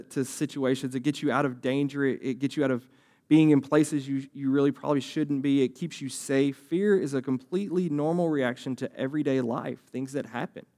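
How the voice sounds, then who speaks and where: A man's voice: mid-range voice, darkish tone. A young man preaching a sermon as a youth pastor, talking conversationally and acting out voices from the story.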